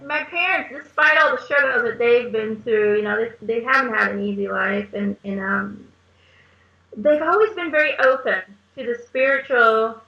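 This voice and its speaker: A woman's voice: on the high side, normal speed. A woman being interviewed as a medium, telling chatty stories and laughing often. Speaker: guest medium. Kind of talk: casual interview chat. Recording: echoey, dull lo-fi recording.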